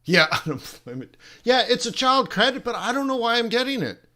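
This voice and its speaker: Bright, high-voiced man teaching trading live. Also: a little fast. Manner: animated and joking, teasing his viewers; rambling, with frequent laughs and restarts. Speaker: forex trading instructor and host. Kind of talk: live-streamed trading lesson.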